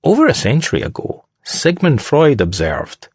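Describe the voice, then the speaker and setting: A man reading scripted narration in a measured, deliberate way. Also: on the high side, huge pitch swings, slightly rough, dry recording.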